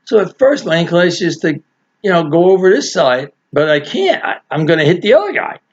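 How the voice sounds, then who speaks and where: A man's voice: high-pitched, sing-song, a little fast. Older guy telling an old story, chuckles a lot, voice swings all over, kinda muffled lo-fi sound. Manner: rambling, chuckling, folksy. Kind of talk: casual spoken anecdote. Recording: dull lo-fi recording.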